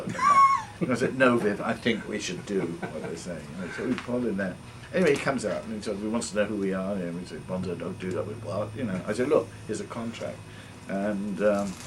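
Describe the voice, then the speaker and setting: An older man with an English accent, a guest musician telling animated stories and acting out the voices of people in them. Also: fairly low pitch. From England. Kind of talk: anecdotal storytelling. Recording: distant mic with noisy ambience.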